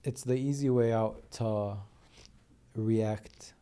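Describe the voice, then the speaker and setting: Male host, mellow dark tone, even delivery, reflective, casual chat. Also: fairly low pitch, takes it slowly, smooth. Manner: reflective, agreeing, short interjections. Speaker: podcast host. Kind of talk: casual conversation.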